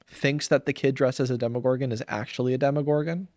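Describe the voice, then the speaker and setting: A man's voice: medium pitch, steady tone, fast, a little mellow, no echo. Young guy ranting on his podcast, crude and rambly, lots of ums, dry close mic. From Saint Paul, Minnesota. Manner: rambling, crude, jokey, slips into silly voices for bits. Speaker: podcast host. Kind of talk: comedic solo podcast rant.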